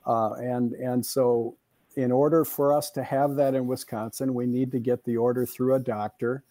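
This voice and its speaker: A man's voice: medium pitch, little pitch movement, normal speed, mellow, no room sound. A male expert guest on a call-in program who explains legal and medical matters with wry asides and frequent stammering restarts. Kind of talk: expert advice on a call-in show.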